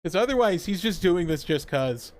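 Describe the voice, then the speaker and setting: A man's voice: high voice, lively intonation, moderate pace. A man casually recapping a TV episode on a podcast, swearing freely and laughing as he acts out characters' lines. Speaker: podcast co-host.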